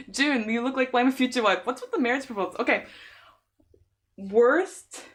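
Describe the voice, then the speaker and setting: A woman's voice: on the high side, moderate pace, long pauses, a little hiss or hum. A young woman from San Diego, chatting casually on a live stream, telling stories with lots of laughter and acted-out dialogue. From San Diego, USA. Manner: chatty storytelling, laughs often, lively quoted dialogue. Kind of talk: casual chat.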